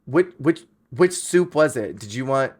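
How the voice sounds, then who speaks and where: A man's voice: medium pitch, expressive, unhurried, a little mellow. A man putting on a pushy restaurant waiter who mocks and needles a customer. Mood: taunting. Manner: mocking, needling.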